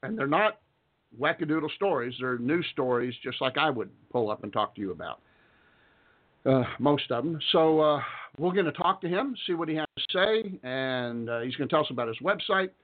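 A man's voice: fairly high pitch, animated, normal speed. A middle-aged man from Texas hosting an internet talk radio show in a rambling, folksy way, with chuckles and asides. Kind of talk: casual talk radio monologue. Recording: phone-like internet radio audio.

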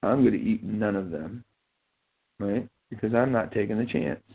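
A man's voice: on the low side, normal speed, gravelly, husky. A man hosting a casual live show, telling rambling, profane, joking stories. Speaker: host. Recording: tinny phone-like sound.

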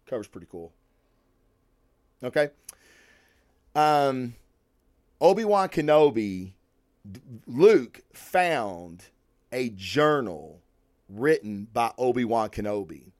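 A man hosting a comic news podcast, ranting excitedly and swearing as he reviews books, often repeating himself when worked up. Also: medium pitch, dry recording, clean studio sound. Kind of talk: casual comic review rant.

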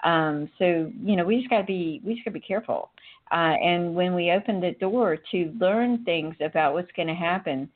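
A woman's voice: on the low side, moderate pace. A middle-aged woman hosting a casual spiritual chat, rambling and laughing often. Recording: phone-like narrow audio.

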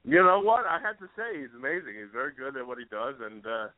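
A man co-hosts a radio show, chatting casually in a rambling, hesitant way packed with fillers. His medium-pitched voice swings widely in pitch and moves fast. The sound is tinny and phone-like, with no room sound.

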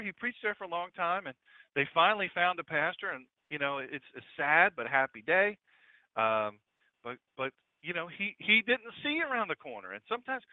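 A man preaching a radio sermon, animated and storytelling with humor, over a dry, tinny radio broadcast line. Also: sits high, no room sound.

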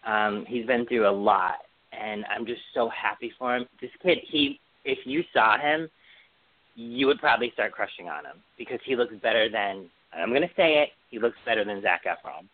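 A man's voice: on the low side, moderate pace, no echo. A man co-hosting a podcast in casual chat, gushing and chatty with lots of fillers. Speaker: podcast co-host. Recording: dry, phone-like sound.

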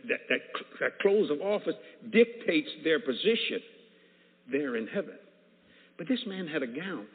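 A man preaching and telling a personal testimony, acting out the voices of the people in it. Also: fairly high pitch. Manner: animated storyteller who acts out dialogue. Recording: tinny phone-like sound in an echoey hall.

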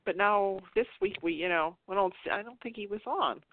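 A woman hosts a casual internet radio show, chatting about soap operas in a rambling way full of restarts and laughter. Her voice is mid-range and brisk, coming through a tinny, dry phone line without echo.

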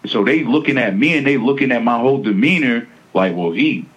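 A man's voice: medium pitch, lively intonation, fairly quick, fairly bright tone, breathy edge, poor audio. A man being interviewed, talking casually and emphatically, with slang and many repeats. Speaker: interviewee, defendant. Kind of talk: casual interview over a phone line.

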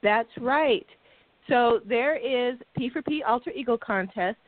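Woman, bright higher voice, bubbly radio co-host, dry tinny phone sound. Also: a little slow, no room sound. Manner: bubbly, laughs often. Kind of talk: casual radio talk-show chat. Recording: dry phone-line audio.

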